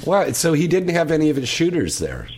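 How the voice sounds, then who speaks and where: A man's voice: a little high, wildly swooping pitch, brisk, a little mellow, a little hiss or hum. A man hosting a casual talk show, asking his guests loose, easygoing questions. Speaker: podcast host. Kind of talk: casual chat.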